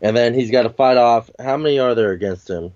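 A man's voice: mid-range voice, brisk, a little mellow, dry recording. A laid-back man chatting about a comic book, cursing easily and pushing back on his friend. The recording is dull and a little lo-fi, dry with no room around him. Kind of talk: casual chat.

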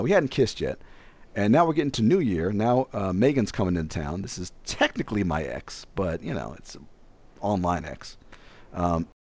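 A man's voice: fairly low pitch, no echo. A young man telling a casual story, acting out other people's lines as he goes. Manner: animated, acts out other people's voices.

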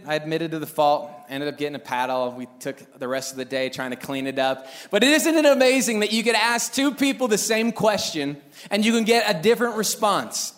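A young adult man preaching a sermon, telling a childhood story with lively acted-out voices. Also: a little high, normal speed. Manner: animated storyteller acting out voices. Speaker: pastor.

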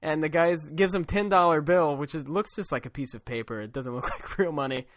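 A man's voice: a little high, a little fast. A man co-hosting a podcast, retelling a comic story in casual chat, laughing often and loosely acting out the characters' lines. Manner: chatty, laughs often, acts out quotes loosely. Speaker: podcast co-host.

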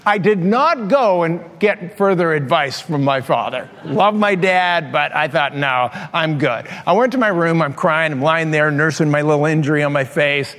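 An older male pastor in his sixties preaches with a high, lively voice, telling stories with plenty of animation. He laughs at his own tales and acts out the scenes. The voice rings with the long reverb of a large hall. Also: moderate pace, hardly any pauses. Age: 60s. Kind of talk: sermon with personal storytelling.

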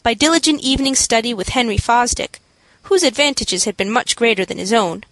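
A woman narrating an audiobook in a steady, clear storytelling manner. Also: on the high side, a little fast, no echo, low-quality recording.

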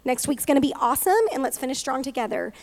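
A woman with a high, light voice preaching to a room of women. She speaks earnestly about faith and obedience, her words heartfelt and openly emotional, rising with conviction as she encourages her listeners. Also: lively intonation, quick pace, a little mellow. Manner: earnest, emotional, tearful at times. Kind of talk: sermon to a women's gathering.

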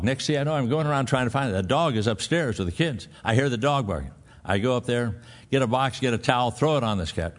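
A male pastor preaching a sermon, telling a folksy personal story and then pressing his point with emphatic exhortation. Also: mid-range voice.

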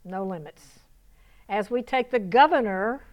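A woman pastor with a Southern US accent preaching at a conference, folksy and chatty, building to excited call-and-response. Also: mid-range voice, measured pace, smooth. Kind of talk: sermon. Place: church conference hall.

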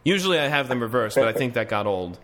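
A man's voice: medium pitch, very animated, quick pace, a bit bright. A man hosting a casual news podcast, reading articles aloud with wry asides and frequent restarts. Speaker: podcast host.

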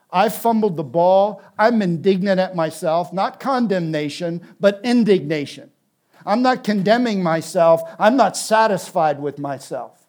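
A man preaching a sermon in an earnest, emphatic way, building on repeated phrases and dropping to a soft, intense tone. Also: high-pitched.

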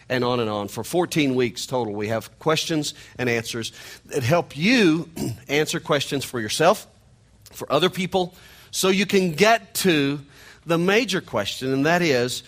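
A man's voice: medium pitch, a bit bright. Man, Missouri twang, nasal, middle-aged pastor, chatty sermon with jokes. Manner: conversational, joking asides to the congregation.

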